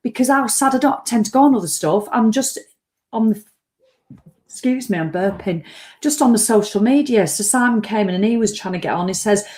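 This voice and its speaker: A woman's voice: mid-range voice, animated, a little fast, mellow. Rambling, emotional woman vlogging. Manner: rambling, emotional, acts out her own anxious thoughts. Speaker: online business owner and vlogger. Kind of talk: casual reflective talk to camera.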